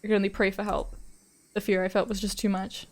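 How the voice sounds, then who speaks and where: A woman's voice: mid-range voice, level tone, quick pace. A young woman streamer reading a visual novel aloud, breaking off into chatty, swearing asides and frequent laughs.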